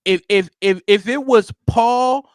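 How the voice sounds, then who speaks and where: High-voiced man ranting loudly, dry sound. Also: takes it slowly, clean tone, no room sound. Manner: emphatic, loud and blunt. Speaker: guest commentator. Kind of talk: heated podcast talk.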